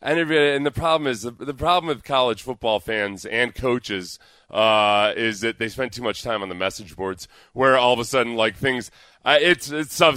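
A man co-hosting a casual sports radio show, sarcastic and animated, with frequent restarts, on a studio mic. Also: medium pitch, no room sound. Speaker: sports talk show co-host.

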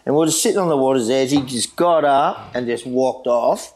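A man's voice: mid-range voice, brisk, a little mellow, low-quality recording. A middle-aged Australian man and lifeguard telling a rescue story in casual chat, laughing often and swearing freely. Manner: laughing, swearing, mate-heavy yarn-telling. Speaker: guest lifeguard.

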